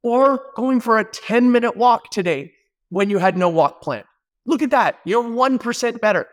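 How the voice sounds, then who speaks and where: A man who is a podcast guest and business speaker, giving energetic, emphatic motivational advice with punchy exclamations. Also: extremely high pitch, normal speed.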